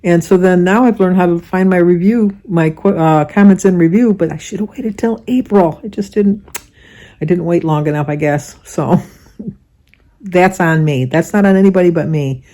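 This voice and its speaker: A woman in her seventies chatting casually as she films her day, self-deprecating and quick to laugh. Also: lowish voice, warm tone, dry recording. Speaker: vlogger. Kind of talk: casual chat. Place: in a truck and outdoors. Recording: noisy phone video.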